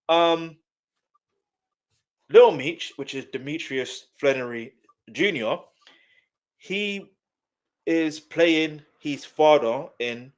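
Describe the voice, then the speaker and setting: A man from South London with a South London accent, chatting loosely on a reaction live stream, animated and rambling, repeating his phrases. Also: on the high side. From South London, England.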